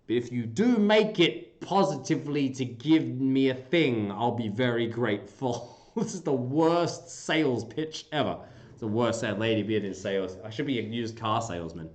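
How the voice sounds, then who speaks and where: A man hosting a casual livestream, chatting playfully with viewers and breaking into goofy squeaky bursts. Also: animated, moderate pace, a little mellow. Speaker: livestream host. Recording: roomy echoey room.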